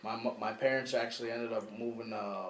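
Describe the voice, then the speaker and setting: A man co-hosting a podcast, telling an animated story with laughter in casual chat. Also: mid-range voice, fairly quick. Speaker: podcast co-host. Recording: echoey room, faint noise.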